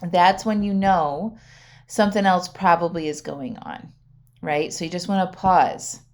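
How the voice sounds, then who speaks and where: Woman, podcast host, coach, casual solo talk, somewhat low pitch, chatty, frequent check-ins with listeners. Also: a little slow, a little mellow. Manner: chatty, frequent "right?" and "okay?", laughs often.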